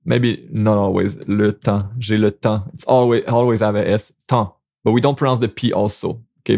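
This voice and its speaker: A Québécois French teacher from Quebec gives a casual language lesson in a slow, gravelly, mid-range voice that's a little mellow. He's patient and encouraging, repeating example words for his learner.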